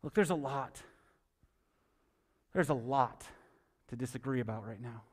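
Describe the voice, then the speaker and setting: Speaking in an unhurried, mid-range voice with a slightly mellow quality, this pastor delivers a sermon and reads from scripture. His style is conversational, and he repeatedly asks the congregation "right?". Long hall reverb fills the recording.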